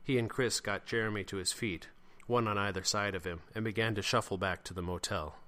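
A man reading a serial story in steady, plain narration. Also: lowish voice, fairly quick.

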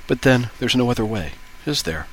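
A man reading book passages aloud in a steady, even way. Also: mid-range voice, moderate pace, slight background noise, low-quality recording. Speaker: reader of book excerpts.

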